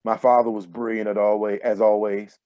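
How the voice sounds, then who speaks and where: A man reading his own first-person fiction aloud in a steady, measured way over a video call. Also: on the low side, no echo, highs cut off. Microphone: computer mic on a video call.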